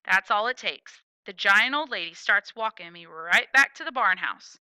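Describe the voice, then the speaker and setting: A woman narrating a children's story in the first person, playful and expressive. Her very bright voice is crisp and rises and falls freely, and the sound is dry and close. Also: mid-range voice, moderate pace, few pauses, no room sound, rough recording. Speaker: audiobook reader.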